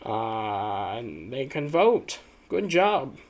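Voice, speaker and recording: Brief: man playing an old statesman, earnest and halting, close to his own voice. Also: mid-range voice, sing-song, voice pushed down, full character voice. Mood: solemn. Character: old founding-father statesman, solemn but proud.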